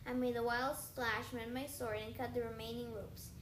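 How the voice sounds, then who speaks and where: A woman reading a story aloud in first person, lively, with small stumbles and self-corrections. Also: fairly high pitch, normal speed, echoey room, background noise. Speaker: audiobook reader.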